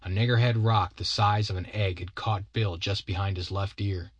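A man's voice: on the low side, steady tone, normal speed, breathy edge, no room sound, lo-fi sound. A man reading a story aloud as narrator, with a wry, mock-grand delivery.

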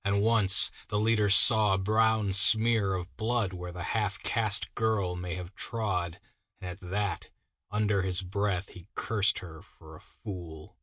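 A man narrating a classic story as an audiobook reader, in a measured, deliberate way. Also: sits low, steady tone, a bit bright, dry recording.

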